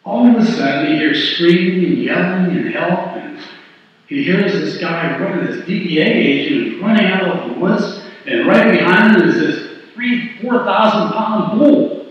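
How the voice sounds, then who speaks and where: Male pastor, unhurried storytelling sermon, distant mic in a reverberant sanctuary. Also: sits high, expressive, lo-fi sound. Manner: storytelling, acts out the characters' lines. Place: church sanctuary.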